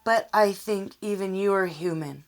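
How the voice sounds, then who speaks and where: A woman giving a tarot reading, speaking earnestly and emotionally straight to the viewer. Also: medium pitch. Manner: slow, emotional, earnest, addressing the viewer directly. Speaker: tarot reader.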